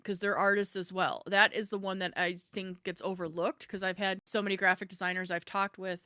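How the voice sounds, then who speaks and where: A woman hosting a podcast in casual chat, telling stories with lively acted-out quotes. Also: medium pitch, fairly quick, dry recording, studio quality. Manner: animated storyteller, acts out quotes. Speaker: podcast host.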